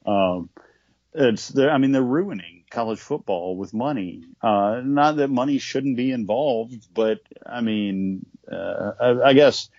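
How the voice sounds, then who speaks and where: A man's voice: mid-range voice, takes it slowly, no room sound, highs cut off. A man co-hosting a podcast, chatting casually about college football with many fillers and restarts. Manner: relaxed, conversational, with many fillers. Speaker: podcast co-host. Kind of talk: casual sports chat.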